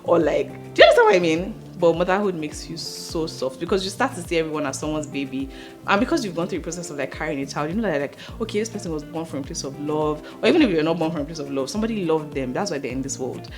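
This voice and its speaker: Expressive young woman, lower voice. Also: fast talker, over music. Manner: expressive, laughs often, repeats words for emphasis. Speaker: podcast host and mother. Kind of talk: casual confessional talk to camera.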